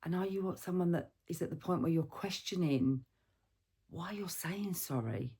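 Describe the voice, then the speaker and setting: A woman counsellor giving a gentle, reflective self-help talk and asking the viewer questions. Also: lowish voice, moderate pace, breathy edge.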